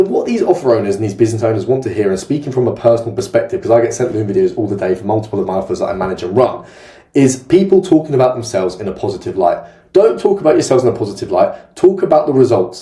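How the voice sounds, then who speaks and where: A man's voice: medium pitch, dark tone. A young man coaching in a casual, blunt and direct way. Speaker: sales coach. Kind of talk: casual talking-head tutorial. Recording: roomy echo.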